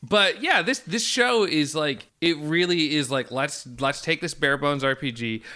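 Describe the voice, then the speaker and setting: A man with a fairly high, bright, forceful voice, co-hosting a podcast in casual chat. He talks with enthusiasm and emphasis, swearing freely. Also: measured pace. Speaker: podcast co-host.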